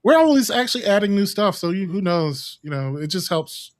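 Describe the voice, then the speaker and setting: A man's voice: high-pitched, very animated, a little fast, no echo, clean studio sound. A man co-hosting a live talk show in casual chat, easygoing, with frequent laughs and filler words. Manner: easygoing, laughs often, many ums and uhs.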